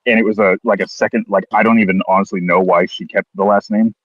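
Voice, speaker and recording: A man's voice: on the low side, steady tone, fast talker, no room sound, highs cut off. A man casually telling a crude, funny story, swearing constantly and acting out what people said. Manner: crude, swears constantly, acts out quotes with voices.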